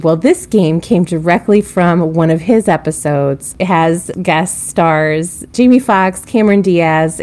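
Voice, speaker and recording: A woman's voice: lowish voice, darkish tone. A woman co-hosting a podcast, explaining a game in casual chat and laughing easily. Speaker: podcast co-host.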